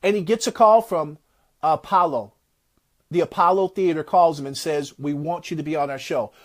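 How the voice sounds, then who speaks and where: A man giving a motivational talk, retelling a success story in an animated, preacher-like way. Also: a little high, normal speed. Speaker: motivational speaker.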